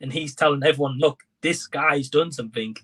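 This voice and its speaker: A man's voice: fairly high pitch, a little fast, fairly bright tone, slightly rough. A young man in casual film discussion, talking through his thoughts with hesitant fillers. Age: young adult. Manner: hesitant, thinks aloud with fillers. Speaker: co-reviewer.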